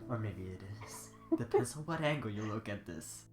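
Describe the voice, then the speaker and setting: A man's voice: on the low side, expressive, normal speed, hardly any pauses. A sick, congested man reading fanfiction aloud in a rambling, giggly, off-the-cuff way. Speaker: fanfiction reader. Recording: echoey room with loud music.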